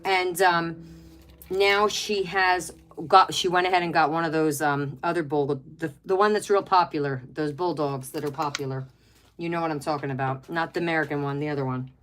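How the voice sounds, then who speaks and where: Woman, middle-aged, craft livestream host, casual rambling chat, gushing over pets, webcam at home, lowish voice. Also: steady tone, moderate pace, a bit bright, a little hiss or hum. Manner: rambling and chatty, gushes over pets, many fillers. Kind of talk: casual chat while crafting, reading viewer comments.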